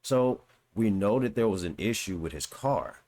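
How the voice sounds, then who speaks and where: A commentary host reads a news article aloud, quoting passages and then breaking off into blunt, mocking reactions laced with swearing. His lowish voice is expressive and darkish in tone, at a moderate pace.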